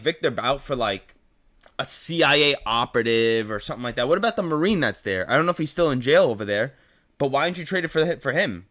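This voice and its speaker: A man's voice: medium pitch, fairly bright tone. A young man with a New York accent ranting as host, incredulous and profane, repeating himself as he builds up. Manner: incredulous, swearing, repetitive rant.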